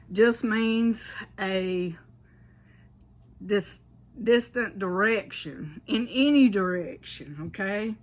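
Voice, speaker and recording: A woman with a Southern US accent, casually explaining regional sayings, often checking in with an "okay" and laughing now and then. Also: mid-range voice. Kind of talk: casual explainer, partly read aloud.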